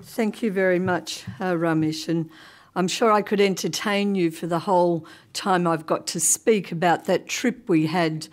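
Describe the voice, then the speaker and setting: A woman's voice: fairly low pitch, fairly even intonation, a little slow. A woman giving a chatty conference talk, with many ums and frequent laughs. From Australia. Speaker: conference panel speaker. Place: conference hall.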